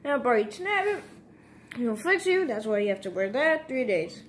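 Teasing voice in toy play. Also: female voice, fairly high pitch, sing-song, a little fast, a little hiss or hum. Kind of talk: playful toy role-play.

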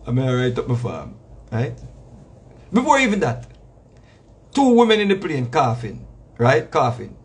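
A man's voice: medium pitch, huge pitch swings, normal speed, pauses often, breathy edge. A man with a Jamaican accent, a reggae artist, talking in a casual monologue that repeats itself for emphasis. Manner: preachy, repetitive, emphatic with slang asides.

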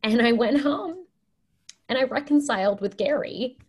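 A woman's voice: high-pitched, expressive, moderate pace, a little mellow, slightly rough. A woman voicing a tactless, chatty woman who counsels couples, read over a video call. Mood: earnest. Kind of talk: Zoom play reading.

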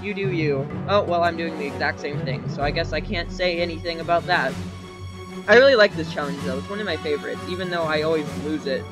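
A man's voice: a little high, fairly quick. A young man chatting through a game for his channel, rambling and joking at himself, with nervous yelps for help. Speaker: gaming YouTuber. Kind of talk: casual let's-play commentary. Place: home computer desk. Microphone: desk microphone. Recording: faint game music behind.

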